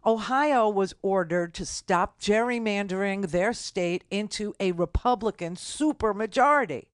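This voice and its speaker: A woman's voice: mid-range voice, dry recording, clean studio sound. Indignant older woman radio host. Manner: indignant, sarcastic, rapid asides. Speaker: radio talk show host. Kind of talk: political talk radio monologue.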